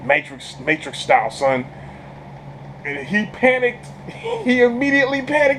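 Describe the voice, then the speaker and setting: A man giving a casual movie review, an excitable storyteller who stumbles over repeated words, laughs often and talks in slang. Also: very high-pitched, unhurried, slight background noise, rough recording. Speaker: channel host reviewing a film.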